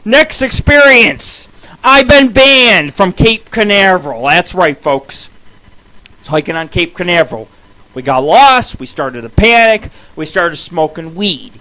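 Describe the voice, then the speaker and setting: Male radio host, bright forceful tone, rambling foul-mouthed storyteller. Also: sits high, animated, measured pace, rough recording. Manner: rambling, swears constantly, shouts punchlines. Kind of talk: profane comic storytelling.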